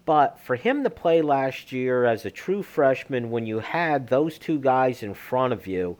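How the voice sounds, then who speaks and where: A man with a voice of middling pitch hosts a sports talk show. He chats casually, thinks aloud and hedges his picks. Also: darkish tone.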